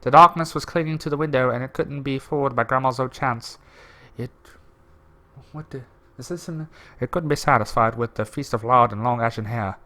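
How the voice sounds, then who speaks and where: A young man reading a horror game's text aloud in a theatrical way, with quick joking asides. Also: mid-range voice, pushed and bright. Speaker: gaming video creator.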